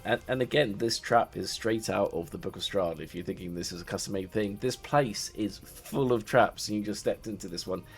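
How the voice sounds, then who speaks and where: Low-voiced man running a tabletop game. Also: moderate pace, few pauses, faint music behind. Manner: loose, hesitant narration, often laughing. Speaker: game master.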